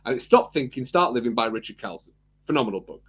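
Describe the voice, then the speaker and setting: A man's voice: medium pitch, sing-song, quick pace, husky. A man co-hosting a podcast, chatting casually and rambling, repeating words and laughing often. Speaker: podcast co-host. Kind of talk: casual chat.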